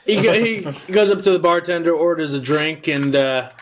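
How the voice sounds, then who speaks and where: A man's voice: on the high side, normal speed. A man co-hosting a casual podcast, telling a long crude joke in a rambling way, swearing often and laughing along as he goes. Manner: rambling, swears a lot, laughs through his own joke. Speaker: podcast co-host. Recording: dull lo-fi podcast audio, faint noise.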